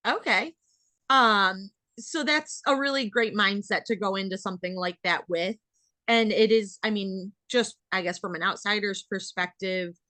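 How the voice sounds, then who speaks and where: A woman's voice: mid-range voice, pushed and bright, no echo. Chatty American woman hosting a podcast. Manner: chatty, rambling with fillers. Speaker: podcast host, dairy farmer. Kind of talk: casual interview chat.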